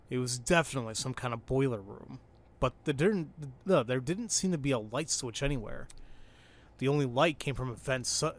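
A man hosting a let's play, reading a visual novel aloud with excitable, cursing commentary. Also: medium pitch. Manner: excitable, swears and exclaims at the game.

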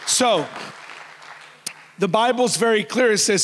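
Loud, animated pastor in a church hall. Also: male voice, high-pitched, normal speed, some chatter behind. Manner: loud, animated, joking with the congregation. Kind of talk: sermon.

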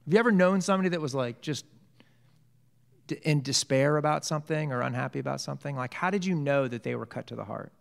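Joking Bible study teacher in a reverberant hall. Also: male voice, medium pitch, fast talker, vocal fry. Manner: joking, conversational, quizzes the group. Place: church hall.

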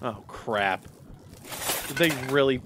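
A man giving excitable let's play commentary, reacting loudly to a game as he plays. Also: mid-range voice, slow, background noise. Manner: excitable, yelps and shouts at the game. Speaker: gaming YouTuber.

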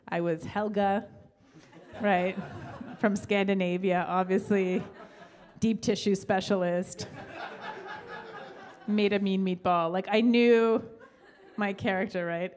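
A woman's voice: mid-range voice, a little mellow. A woman doing a stand-up set, telling chatty stories and laughing at her own jokes. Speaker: stand-up comic. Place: small gallery before a live audience.

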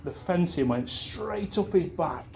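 A man's voice: fairly high pitch, animated, unhurried, gravelly, a little mellow, slight background noise. A young man giving a best man speech at a wedding, rambling through anecdotes and laughing at his own stories, swearing casually. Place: wedding reception room.

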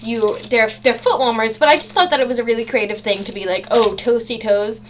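A bubbly teenage girl vlogging from her room, her voice sitting a little high as she jokes about herself with a dry, sarcastic edge. A faint hum runs under the webcam audio. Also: fast talker, a bit bright. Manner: bubbly, sarcastic, self-mocking. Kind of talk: casual chatty vlog. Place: home bedroom.

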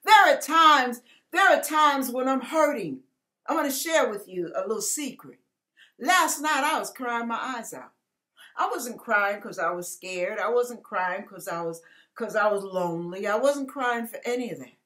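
A woman's voice: a little high, animated, normal speed, pushed and bright. A woman pastor reading scripture and preaching, confiding her own struggles with rising emotion. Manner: personal, confiding talk about her struggles.

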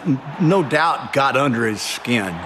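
A man in his seventies from the American South with a Southern accent, telling stories in a folksy, animated way in a documentary interview. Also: mid-range voice, unhurried, a loud crowd, very noisy. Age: 70s. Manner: animated, folksy storytelling with big swings in voice. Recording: music bed underneath.

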